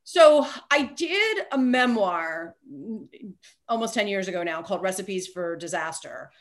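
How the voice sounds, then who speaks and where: A woman's voice: mid-range voice, expressive, a little slow. Chatty woman author with many fillers. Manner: chatty, self-deprecating, many fillers and restarts. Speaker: author guest. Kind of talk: casual podcast conversation.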